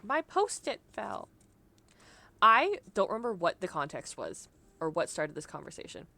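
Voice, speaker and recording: A woman's voice: medium pitch, very animated, moderate pace, gravelly, sharp tone, no echo. A young adult woman streaming a game live, chatting casually and rambling, often breaking into laughs. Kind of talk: casual live-stream chat while gaming.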